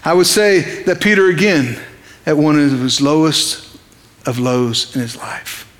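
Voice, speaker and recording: A man's voice: fairly high pitch, measured pace, a bit bright, big-room sound. A man preaching an evening sermon in a conversational, impassioned way, asking his listeners questions.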